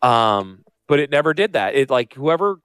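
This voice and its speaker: A man's voice: mid-range voice, sing-song, moderate pace, a bit bright, clean tone, no room sound. Brash man hosting talk radio. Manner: brash, sarcastic, rambling. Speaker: radio host, financial planner. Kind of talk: joking talk radio monologue.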